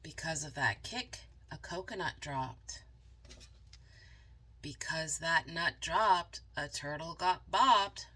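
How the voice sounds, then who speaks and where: Slow, bright-voiced woman reading a picture book. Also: low voice, a little hiss or hum. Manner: animated, dramatic pauses, chatty asides to viewers. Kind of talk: storybook read-aloud with asides.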